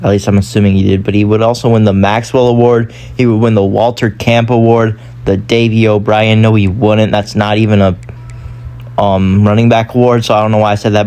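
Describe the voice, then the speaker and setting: A man's voice: medium pitch, darkish tone. A man giving casual gameplay commentary, rambling and often correcting himself. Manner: rambling, self-correcting, chatty. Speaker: gaming YouTuber.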